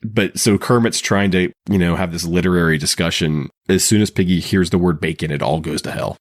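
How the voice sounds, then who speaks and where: A man's voice: sits low, brisk, no echo, clean studio sound. A man hosting a podcast in casual chat, talking loosely with frequent laughs and restarted sentences. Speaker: podcast host. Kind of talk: casual chat recapping a TV episode.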